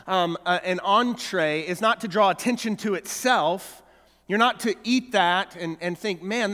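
High-voiced preacher in a reverberant hall. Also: male voice, a bit bright. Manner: earnest, with frequent small restarts and repeated words. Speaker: pastor. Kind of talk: sermon.

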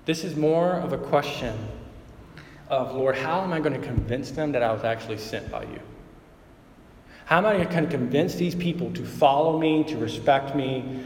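A man's voice: fairly high pitch, normal speed, darkish tone, slight background noise. Male pastor, chatty sermon delivery, recorded from afar in a reverberant hall. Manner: conversational preaching, many fillers like "like" and "right?". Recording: echoey hall, mic at a distance.

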